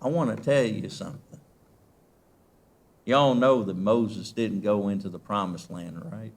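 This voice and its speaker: A male preacher delivering a sermon. He asks the congregation questions and swings from loud emphasis to very soft, quiet lines. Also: on the low side, a little slow.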